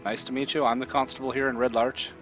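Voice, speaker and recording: A man's voice: mid-range voice, little pitch movement, quick pace, fairly bright tone, soft background music, close to an everyday voice. A man voicing a friendly middle-aged male village constable with an eager, folksy manner, in a tabletop game. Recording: dull lo-fi recording.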